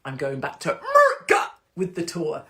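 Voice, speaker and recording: A woman hosting a casual livestream chat, cheeky and excitable, rambling with asides and joking interruptions as she reads out announcements. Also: sits low, normal speed. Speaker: host.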